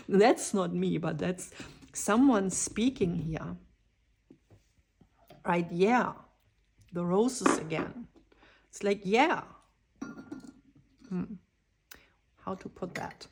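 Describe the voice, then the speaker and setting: A woman giving a dreamy, spontaneous channeled tarot reading, drifting into whispers and excited exclamations. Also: mid-range voice, slow, long pauses, breathy edge. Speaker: tarot reader.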